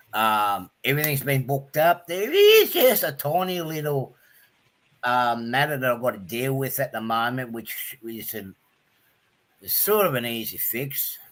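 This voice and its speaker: A man's voice: mid-range voice, a bit bright. An Australian man hosting a casual livestream, chatting loosely and greeting viewers one by one with lots of ums. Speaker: livestream host.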